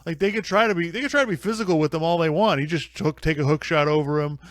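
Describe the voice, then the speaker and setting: A man's voice: fairly high pitch, fast talker, dry recording, clean studio sound. A man co-hosting a casual sports podcast, arguing his points emphatically and insistently. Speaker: podcast co-host. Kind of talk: casual chat.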